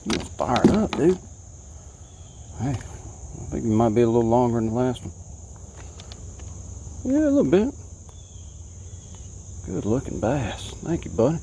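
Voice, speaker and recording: A man from Alabama, chatting to the camera from a kayak and talking excitedly to the fish he catches. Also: medium pitch, moderate pace, creaky, long pauses, a little hiss or hum. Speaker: fishing vlogger. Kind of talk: casual talk to camera while fishing. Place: kayak on a creek outdoors.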